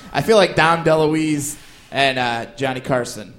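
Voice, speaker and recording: Lachende komiek met een vrij hoge stem. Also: male voice, a little high, slow, fairly bright tone. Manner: loose, joking, full of fillers and laughs. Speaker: stand-up comedian, guest. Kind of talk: comic banter and stand-up bit.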